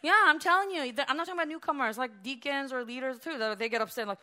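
A woman pastor preaching a sermon, animated, swinging from hushed, quiet stretches to loud exclamations. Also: high voice, fast talker.

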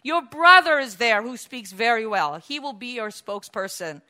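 A stern, impatient God speaks in firm, emphatic declarations, as a woman preacher puts him on. The voice is bright and raised above her usual tone. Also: fairly high pitch, lively intonation, moderate pace.

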